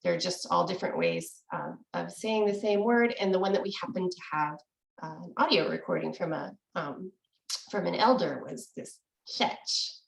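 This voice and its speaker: A woman's voice: lowish voice, sing-song, moderate pace, creaky, roomy sound, poor audio. A woman teaching a casual online language lesson, explaining in a chatty way and laughing easily, over a video call. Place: room with echo, video call.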